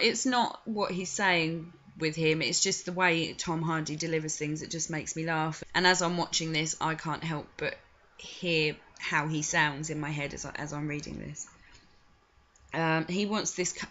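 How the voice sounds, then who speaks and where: A woman talks through film clips in a frank, chatty way, with disgusted asides. She speaks slowly in a lowish voice. The recording sounds dull and lo-fi. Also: a bit bright. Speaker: video commentator. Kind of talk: casual spoken commentary on film clips.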